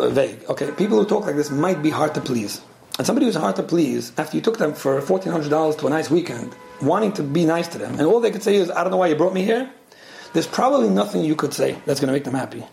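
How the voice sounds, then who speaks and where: A man's voice: a little high, gravelly, darkish tone, slight background noise. A man giving relationship advice and answering listener letters in an earnest, direct way, often repeating phrases for emphasis. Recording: roomy echo with faint ambience.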